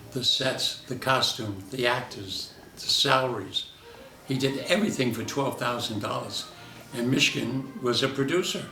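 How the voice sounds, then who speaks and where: An older man, a veteran character actor, telling lively anecdotes from his career in an interview and acting out the voices in his stories. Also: mid-range voice, creaky, echoey room, far from the mic.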